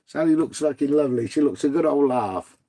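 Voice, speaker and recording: A man's voice: on the high side, lively intonation, a little fast, dark tone. A middle-aged man, chatting casually on a live stream, swearing freely and bantering with viewers. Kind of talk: casual live-stream chat reading comments.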